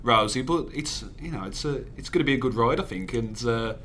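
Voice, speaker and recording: A man's voice: mid-range voice, lively intonation, fairly quick, fairly bright tone, slight background noise. A man, a sports reporter, speaking hesitantly with many fillers as he joins a podcast. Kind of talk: casual chat.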